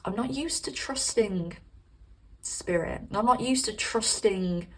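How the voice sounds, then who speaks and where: A woman's voice: mid-range voice, slow pace, rough recording. A woman voicing a doubtful, anxious person who keeps asking questions. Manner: hesitant, questioning.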